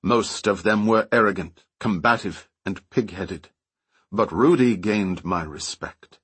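A stern, guarded general with a cool, measured delivery, as a male narrator reads him. The voice sits low and a little husky. It is recorded close and dry. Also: a bit bright, no room sound.

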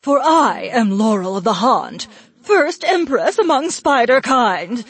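A man's voice: extremely high pitch, big pitch swings, slow, a bit bright, husky, no room sound, pitched above the performer's own voice, heavily acted. A man voicing a giant, imperious female spider empress who talks in a haughty, menacing way in an audiobook. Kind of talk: audiobook character voice.

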